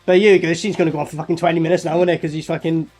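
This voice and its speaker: A man's voice: on the high side, little pitch movement, rapid-fire, darkish tone, breathy edge, faint music behind. A man reviewing a movie in sarcastic, mocking commentary full of swearing. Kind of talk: profane commentary over film clips.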